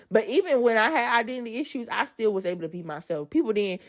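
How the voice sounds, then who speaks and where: A woman gives an amped-up devotional testimony. She talks casually to her listeners as y'all and swings between loud emphasis and soft asides. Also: on the high side, fast talker. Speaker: speaker giving a devotional testimony. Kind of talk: preachy devotional talk.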